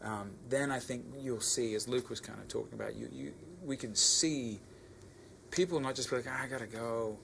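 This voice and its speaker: A young Australian man, a band member, giving reflective, halting answers in an interview. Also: medium pitch, vocal fry, fairly bright tone, slight background noise. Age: young adult. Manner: thoughtful, halting, with pauses.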